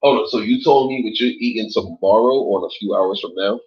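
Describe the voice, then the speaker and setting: A man talks loosely through a late-night livestream, rambling, cursing freely, leaning on "like" and "yo." His voice sits a little low with a husky edge. The audio comes through dull and lo-fi. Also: fairly quick. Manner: laid-back, rambling, swears a lot, says like and yo often. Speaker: livestream host reading chat.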